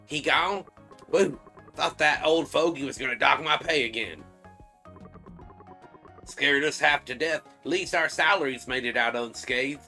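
A man's voice: a little high, unhurried, long pauses, pushed and bright, faint music behind, full character voice. A man voicing a friendly Southern working man with a folksy, drawling Southern US accent. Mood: relieved.

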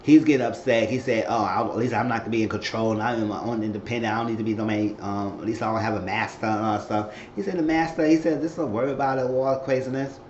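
A man casually recapping a TV episode, acting out the characters' lines with sudden high squeals. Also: fast talker, few pauses, slight background noise. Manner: animated retelling, acting out quotes with high squeals. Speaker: recap host. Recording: echoey room, dull lo-fi sound.

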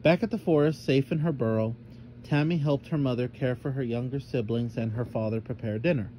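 A man's voice: medium pitch, brisk, mellow, a little hiss or hum, poor audio. A man narrating a children's storybook aloud, voicing each character expressively.

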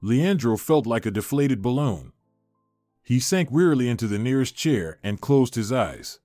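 A man reading a scripted dramatic story aloud as narrator, in an expressive storyteller voice. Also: medium pitch, moderate pace, dry recording, clean studio sound, soft background music.

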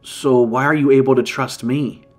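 Casting: male reader as a puzzled young villager in a spooky tale, plain and earnest, soft music behind. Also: medium pitch, fairly even intonation, normal speed, natural voice. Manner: plain, questioning.

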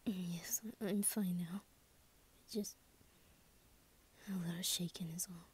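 A worried, tender young woman, played by a woman, murmurs reassurance in a whispered role-play. Her voice is extremely breathy and husky, with a dark, mellow tone. She speaks softly and anxiously, checking again and again that her partner is all right. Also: fairly low pitch, steady tone, slow, exaggerated voice. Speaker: ASMR role-play creator.

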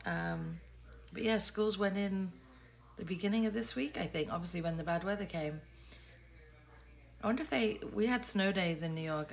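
A woman's voice: fairly low pitch, creaky. An English woman in her sixties, chatting casually and rambling in a self-deprecating way to her vlog camera. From England. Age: 60s. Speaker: vlogger.

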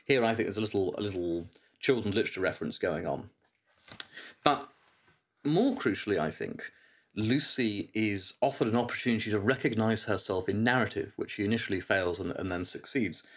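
Thoughtful low-voiced man lecturing on a book. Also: expressive, a little fast. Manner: thoughtful, with hesitations and restarts. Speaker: church reader giving a book talk. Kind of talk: reflective literary lecture.

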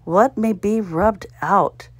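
Her voice is medium-pitched, slow, and husky, recorded without echo. She's a vlogger narrating casually to herself as she works through a puzzle, voicing guesses out loud, thinking as she goes, and giggling at her own mistakes in a self-mocking way.

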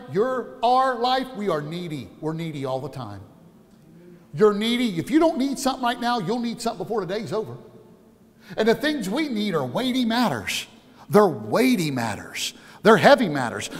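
Impassioned preacher man, big reverb. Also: sits high. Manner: impassioned preaching, swings from hushed to loud. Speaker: pastor. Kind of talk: sermon.

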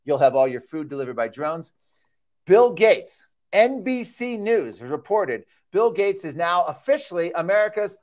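A man giving a heated, sarcastic keynote speech at a conference, reading out quotes and getting worked up. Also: high-pitched. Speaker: keynote speaker. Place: conference hall.

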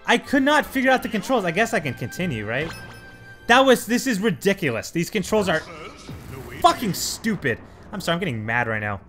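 Let's play host, male, high and bright, rants, curses and yells at the game. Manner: frustrated, swearing, bursts of yelling. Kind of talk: casual gameplay commentary.

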